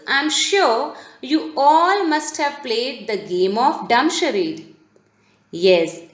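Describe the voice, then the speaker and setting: A woman teacher reading a lesson to children, spelling out words letter by letter and asking them questions. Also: high voice. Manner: sing-song questions to children. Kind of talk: classroom lesson reading aloud. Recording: echoey room.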